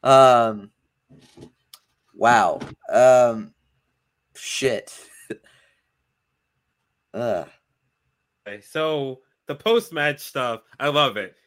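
A man's voice: medium pitch, very slow, long pauses, clean tone. A man in casual podcast chat, laid-back and swearing casually.

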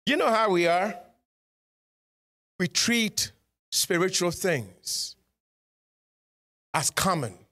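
A man with a fairly high voice preaches a lively sermon. He slips into short acted-out dialogue and then climbs to loud, emphatic urging of his listeners. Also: very slow, long pauses. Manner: rises to loud emphatic exhortation. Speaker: pastor.

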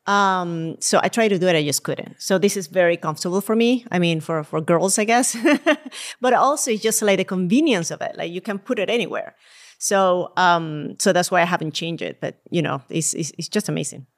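A woman guest telling her story in a relaxed casual interview, laughing often. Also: on the low side, a little fast. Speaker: guest runner.

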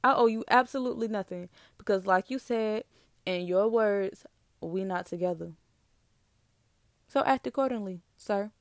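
A young woman rants about relationships in a casual, sassy and emphatic way. Her voice sits at a middling pitch, and she is recorded dry and close. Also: normal speed, no room sound. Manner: sassy, animated, emphatic with laughs. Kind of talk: casual relationship rant to camera.

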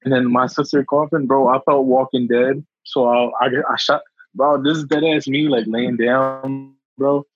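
A young man telling a casual, slangy story, animated and laughing often. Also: mid-range voice, moderate pace, slightly rough, dry recording, lo-fi sound.

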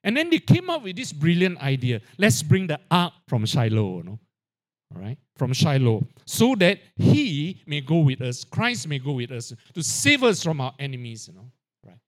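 Lively preaching man, forever asking "right?". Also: fairly high pitch, moderate pace. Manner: animated preaching, constant "you know, right?" tags; drops to a quiet aside on filler tags. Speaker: pastor. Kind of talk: sermon.

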